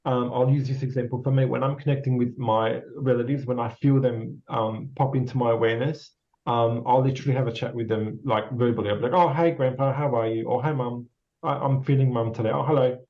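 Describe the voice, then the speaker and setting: An Australian psychic medium gives a guest a casual spirit reading, rambling and encouraging, with lots of repetition and filler words. His voice is medium in pitch, steady in tone and fairly quick, and the recording has a slightly dull, lo-fi sound.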